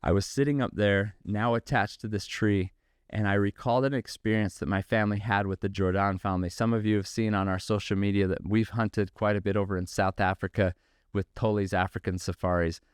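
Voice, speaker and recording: A middle-aged man speaks in a low, smooth, resonant voice, earnest and measured. He builds his points through preacherly repetition. The sound is dry and close. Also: fairly even intonation, dry recording. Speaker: podcast host and company founder. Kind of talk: reflective faith-based monologue.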